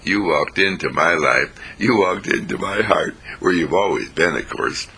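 A man voicing an affectionate grandmother who speaks gently and tenderly. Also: sits low, animated, normal speed, slight background noise, heavily acted. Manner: gentle, tender, warm-hearted.

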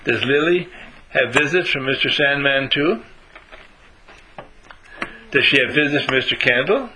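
A man talking to a small child in an animated, sing-song way, asking leading questions and answering them himself. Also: mid-range voice, unhurried, a little hiss or hum, poor audio. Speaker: adult talking with young children. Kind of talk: coaxing talk to a small child.

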